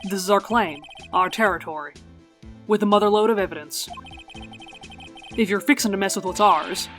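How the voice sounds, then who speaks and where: A woman's voice: mid-range voice, normal speed, fairly bright tone, faint music behind, close to an everyday voice. A woman voicing a swaggering male detective who acts like a Wild West sheriff, with a put-on Southern drawl. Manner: drawling, folksy.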